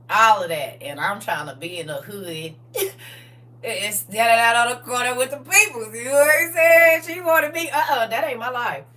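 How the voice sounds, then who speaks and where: A woman of about forty telling stories from her past in a casual, animated way, full of slang and laughter. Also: fairly low pitch, distant mic, a little hiss or hum. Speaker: livestream co-host. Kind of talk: casual storytelling chat.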